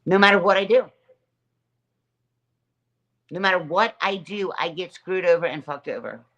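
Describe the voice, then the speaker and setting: A woman with a slightly low voice rants on her own livestream. She repeats her points in an aggrieved way and breaks off now and then to greet viewers in the chat. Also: moderate pace, a bit bright, dull audio. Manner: aggrieved, repetitive, reads chat names aloud. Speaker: livestream host. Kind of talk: casual livestream rant.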